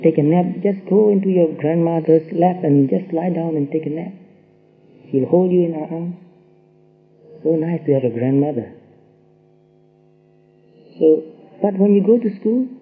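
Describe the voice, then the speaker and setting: Burmese monk giving a dharma talk, gentle and repeating himself, a bit high voice, tinny old tape sound. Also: male voice. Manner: gentle, repetitive phrasing with soft pauses. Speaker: monk teacher.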